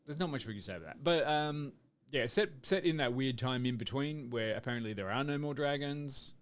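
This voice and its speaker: A man's voice: mid-range voice, fairly quick. Joking, teasing male podcast co-host. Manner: joking and teasing, with frequent laughs. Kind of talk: casual chat on a live-streamed podcast.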